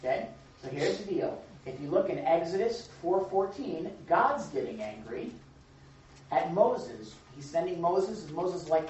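A man teaching a Bible class to a group, lively and engaging, asking questions and affirming answers. He sounds distant from the mic, in a very echoey room. The sound is a bit dull. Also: on the high side, unhurried. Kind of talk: interactive Bible lesson.

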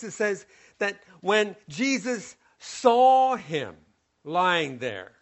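A male preacher giving a sermon, retelling a scripture story and acting out its scenes. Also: high-pitched. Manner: storytelling, acts out scenes, animated.

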